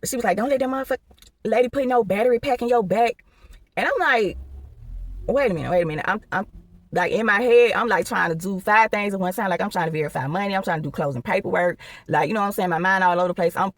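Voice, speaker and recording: A woman's voice: medium pitch, a bit bright, no room sound. A young woman tells a casual storytime, rambling along and tossing in "or whatever" asides.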